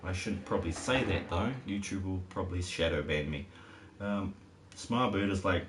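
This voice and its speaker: Deep-voiced man rambling while streaming. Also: measured pace. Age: adult parent. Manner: rambling, jokey asides to chat. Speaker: game streamer. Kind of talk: casual live-stream commentary. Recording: noisy background hiss.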